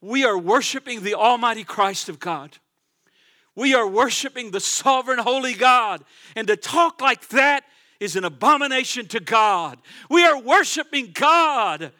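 A man preaching a sermon from the pulpit of his church, fervent and emphatic, dropping from loud declarations to quiet asides. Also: very high-pitched, expressive, measured pace. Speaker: pastor. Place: church sanctuary.

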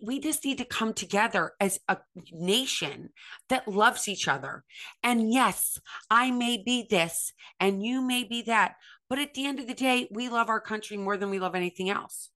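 A woman's voice: a little high, a bit bright. A middle-aged woman from the United States giving an impassioned motivational talk, earnest and emphatic, repeating phrases for stress. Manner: acts out others' voices in quoted speech. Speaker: speaker on recovery and self-acceptance.

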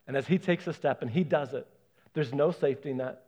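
A man preaching a sermon as pastor, animated, acting out the voices he quotes. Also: fairly high pitch, fairly quick.

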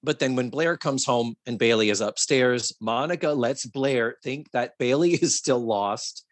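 A man hosting a podcast in a casual chat, talking in an animated, profane way and acting out quotes from a sitcom. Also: medium pitch, unhurried, no room sound. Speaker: podcast host.

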